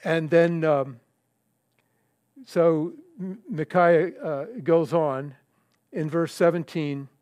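Reading scripture and recounting a story, an older preacher speaks haltingly and conversationally, with restarts and filler words. His voice is a little high, steady, and a little mellow, and there's no echo.

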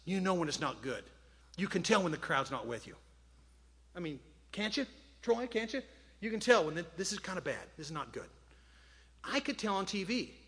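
A male preacher delivers a sermon, his voice bright and sharp. He tells stories dramatically, dropping to hushed tones between stretches of plain talk. A long hall reverb trails his words. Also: high-pitched, sing-song, normal speed, pauses often, husky.

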